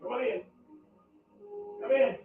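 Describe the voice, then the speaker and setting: A man vlogging, telling a comic personal story with dramatic swings between loud outbursts and hushed asides. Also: very high voice, slow pace, narrow, tinny audio. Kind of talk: animated storytelling monologue. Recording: echoey room, distant mic, faint music.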